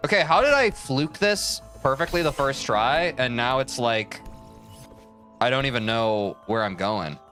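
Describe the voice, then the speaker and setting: Guy streaming a game, bright voice, goofy rambling to chat, bit of music behind. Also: mid-range voice, expressive, unhurried. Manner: jokey, rambling, self-mocking, talks to chat. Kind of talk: casual live-stream commentary while playing.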